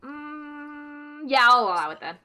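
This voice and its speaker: A young woman running a tabletop game as game master, chatty and narrating with many pauses and restarts. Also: fairly high pitch, pushed and bright. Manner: chatty, lots of fillers and restarts while narrating.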